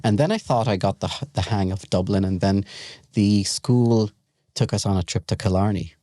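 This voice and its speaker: Lively storytelling man, low and mellow. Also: moderate pace, no room sound, studio quality. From Gulf region. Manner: animated, laughing, acts out quoted dialogue. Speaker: podcast guest. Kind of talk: casual storytelling.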